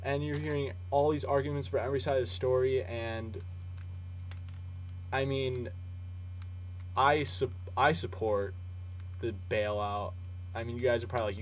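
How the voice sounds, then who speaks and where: A young man hosting a casual news vlog, chatty and jokey, swinging from loud rants to low asides. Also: fairly even intonation, moderate pace, long pauses, slight background noise, poor audio.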